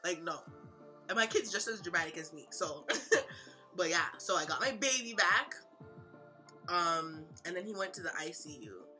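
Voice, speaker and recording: A young woman tells an emotional story, talking in a slangy, animated way with many fillers and sudden loud and quiet stretches. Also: fairly low pitch, normal speed, pauses often, soft background music. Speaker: vlogger, mother.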